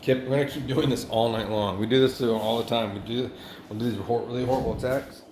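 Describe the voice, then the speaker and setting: A man talks on and on in a profane, halting monologue, breaking off and restarting his sentences. His voice sits at an ordinary middle pitch. The room around him rings, and steady noise runs underneath. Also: reverberant, rough recording. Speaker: vlogger. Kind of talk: rambling self-recorded monologue.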